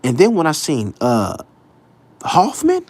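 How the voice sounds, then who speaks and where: Animated man with very slow delivery. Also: a little high. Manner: animated, mocking, laughs often, mimics people. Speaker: podcast host. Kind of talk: casual sports talk.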